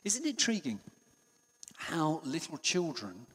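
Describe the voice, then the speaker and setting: A man preaching a sermon in a conversational way, with frequent restarts and passages that drop to a hush. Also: fairly high pitch, very animated, a little slow, breathy edge. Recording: long hall reverb.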